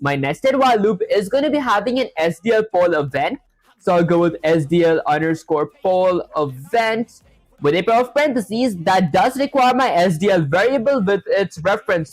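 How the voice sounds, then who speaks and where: A man's voice: high voice, dry recording. A man live-streaming while he codes, thinking aloud with lots of fillers and reading viewer chat aloud to answer it. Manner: thinks aloud, says "honestly" and "that said" often, filler-heavy.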